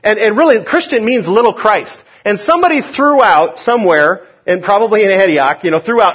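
A man's voice: sits high, very animated, a little fast, few pauses, breathy edge. A man preaching a sermon as pastor, emphatic and drawing responses from the congregation. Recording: dull lo-fi sound.

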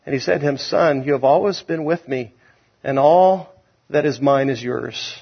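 A man preaching a sermon, emphatic, rising loud on key points and dropping low. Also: moderate pace, creaky, breathy edge. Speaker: pastor. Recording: dull lo-fi sound.

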